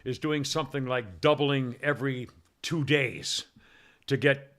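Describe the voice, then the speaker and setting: A man's voice: medium pitch, measured pace, fairly bright tone. A man hosting a talk radio show, rambling through news items and reading stories aloud in casual chat.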